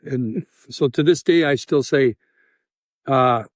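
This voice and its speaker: A Canadian man telling a story in an interview, acting out scenes with sound effects and halting restarts. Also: a little high, dry recording, clean studio sound. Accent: Canadian English. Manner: animated, acts out scenes with sound effects and quoted voices. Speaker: interview guest, volunteer.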